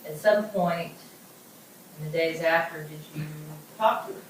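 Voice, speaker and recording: A woman's voice: sits low, a little slow, a little hiss or hum. A woman attorney steadily questioning a witness in court. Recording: distant echoey courtroom audio.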